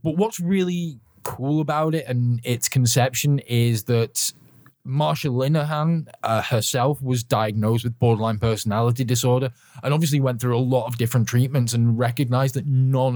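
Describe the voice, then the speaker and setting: A man's voice: mid-range voice, normal speed, a little mellow, no room sound, studio quality. A man hosting a podcast, chatting casually in a rambling way, swearing now and then and laughing often while he sips a drink. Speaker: podcast host.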